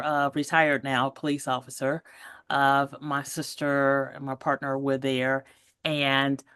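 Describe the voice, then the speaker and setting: Lively woman in her forties, low and dry. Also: smooth, dry recording. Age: 40s. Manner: lively, laughs often, acts out quoted voices. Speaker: guest. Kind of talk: podcast interview storytelling.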